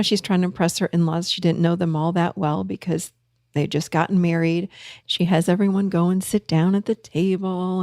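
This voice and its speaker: Creaky-voiced woman therapist telling stories. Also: on the low side, no echo, studio quality. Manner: storytelling, animated when quoting others. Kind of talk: casual talk.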